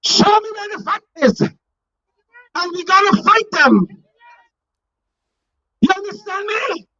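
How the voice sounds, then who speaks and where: A speaker rallies a street crowd in a very high, piercing voice and leads call-and-response chants. The delivery is slow and deliberate, with each line driven home. The recording is dull and muffled, as if captured on a basic device at the scene. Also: big pitch swings, pushed and bright. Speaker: rally speaker. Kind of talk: political rally speech. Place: outdoor street rally.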